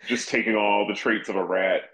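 A man who is a guest comedian, telling animated, profane stories in casual chat. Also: on the low side, fairly quick. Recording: roomy, dull-sounding audio.

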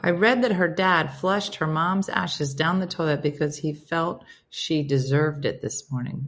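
A woman's voice: low-pitched, unhurried, few pauses, noisy background. A woman hosting a casual livestream chat, reading and reacting to viewer comments with frequent laughter.

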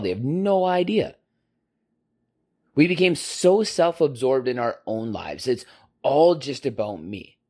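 A man's voice: mid-range voice, a little mellow. Man ranting bluntly, swearing freely. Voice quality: blunt and profane, heated. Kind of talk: profane opinion rant.

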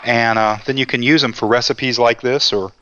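A man's voice: mid-range voice, fairly even intonation, moderate pace, pushed and bright, dry recording, highs cut off. A man co-hosting a cooking show, chatting in a folksy, easygoing way. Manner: folksy, chatty, tells jokes with voices. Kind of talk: casual cooking talk.

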